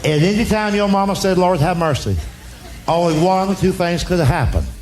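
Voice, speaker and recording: A man's voice: high voice, a little fast, background noise. A man with a Southern US accent doing folksy stand-up storytelling, drawling his punchlines. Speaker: stand-up comedian. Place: comedy stage before an audience. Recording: roomy live show with loud crowd laughter.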